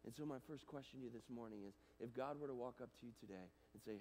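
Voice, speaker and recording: A man giving a chapel talk to students, animated and casual, swinging between loud and hushed, with plenty of fillers. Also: mid-range voice, fast, slight background noise. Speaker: guest speaker. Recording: reverberant hall.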